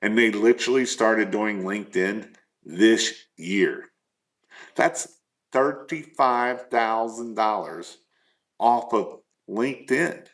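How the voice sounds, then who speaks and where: A man's voice: fairly low pitch, slow pace, fairly bright tone. A man coaching small business owners in a live stream, earnest and repetitive, firing off rhetorical questions.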